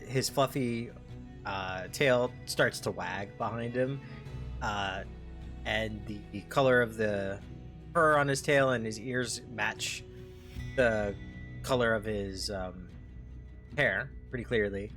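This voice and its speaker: A man narrating as game master of a tabletop game, describing scenes in a halting way as he searches for words. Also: lowish voice, fairly bright tone.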